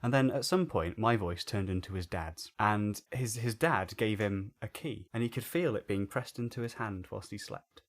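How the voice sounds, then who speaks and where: Podcast co-host, man in his twenties, lively storyteller who swears and acts out quotes. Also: fairly low pitch, normal speed, hardly any pauses. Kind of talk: casual storytelling.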